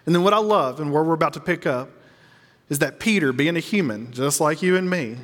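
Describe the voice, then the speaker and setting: A man preaching a sermon as pastor, earnest, slowing down to stress key lines. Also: on the high side, expressive, in a large hall.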